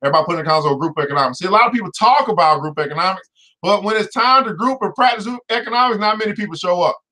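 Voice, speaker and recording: A man hosting a finance show in an energetic, preachy way, full of exclamatory asides. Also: high-pitched, racing. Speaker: host. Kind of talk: casual finance show talk.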